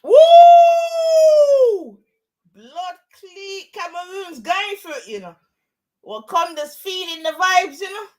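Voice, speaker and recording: A young woman, giving excitable, slang-heavy live commentary on a fight and shouting often. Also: very high voice, unhurried. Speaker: watch-along streamer.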